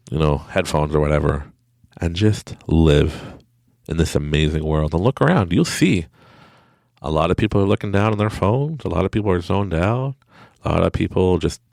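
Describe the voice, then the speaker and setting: Deep gravelly upbeat man. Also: a little mellow, no echo, clean studio sound. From Quebec, Canada. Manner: upbeat, laughs often, acts out voices. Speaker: podcast host. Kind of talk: casual motivational monologue.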